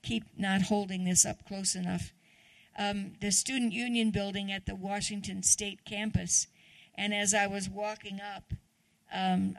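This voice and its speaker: Woman guest preacher, conversational sermon, gravelly voice, questions for the congregation, dry sound. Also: mid-range voice, a bit bright, dry recording. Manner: chatty, asks the congregation questions.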